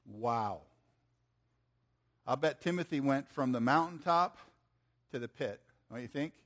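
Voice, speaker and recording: A man in his fifties preaches with a medium-pitched, fairly bright voice, lively intonation and measured pace. As a pastor, he talks conversationally, quizzing the audience and voicing quotes in slang.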